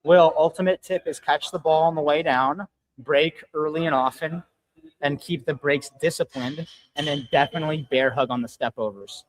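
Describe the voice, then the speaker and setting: A man with a slightly high-pitched voice talks on a casual live podcast from a gym. He tells stories in an animated way and swears freely. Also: moderate pace, low-quality recording. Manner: animated, profane storyteller. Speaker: gym owner and regular co-host.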